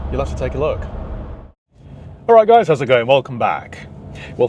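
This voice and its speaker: Chatty Northern English car dealer. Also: male voice, mid-range voice, a little mellow, slight background noise. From England. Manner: chatty, wry and self-mocking. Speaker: used car dealer and channel host. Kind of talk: casual vlog narration.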